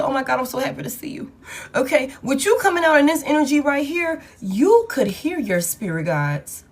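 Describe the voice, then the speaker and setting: A woman giving a live tarot reading to her viewers, blunt and heavy with swearing, swinging between loud hype and low muttering. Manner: blunt, profane and emphatic. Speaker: tarot reader.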